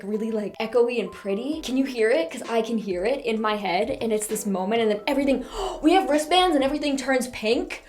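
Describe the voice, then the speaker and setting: A woman hosting her own channel, chatting excitedly and rambling as she ranks songs, often gushing and squealing. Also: a little high. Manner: gushing, rambling, quick mood swings into squeals. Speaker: reaction channel host. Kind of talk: excited casual chat ranking songs.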